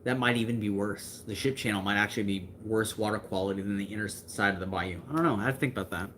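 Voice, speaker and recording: Racing along in a lowish, slightly bright voice, this young livestream host chats with viewers over faint background noise. He's talkative and full of fillers, restarts his sentences, and gestures with his hands as he answers the chat.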